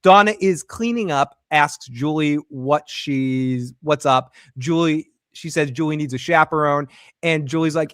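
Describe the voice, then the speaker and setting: A man's voice: on the high side, a little slow, no room sound, studio quality. A man hosting a casual recap show, acting out characters' lines as he retells scenes. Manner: animated, acts out characters' lines while recapping. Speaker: podcast host.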